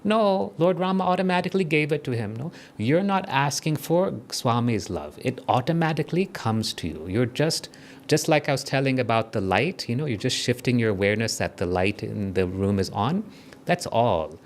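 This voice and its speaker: A man with a South African accent gives a gentle, conversational devotional talk to a small group. He guides a meditation and often checks in with his listeners. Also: mid-range voice, animated, normal speed, slight background noise. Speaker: spiritual speaker leading a meditation.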